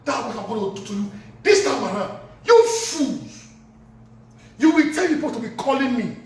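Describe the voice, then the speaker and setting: A man's voice: very high-pitched, animated, quick pace. A man ranting heatedly in a Nigerian Pidgin accent, hurling insults. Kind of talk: angry social media rant. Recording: echoey room from far off.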